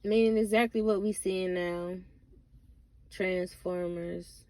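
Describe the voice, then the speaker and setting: Blunt, swearing woman vlogger, low voice. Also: fairly even intonation, takes it slowly, warm tone, dry recording. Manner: blunt, profane, exasperated; rambling with many fillers. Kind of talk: casual rant to camera.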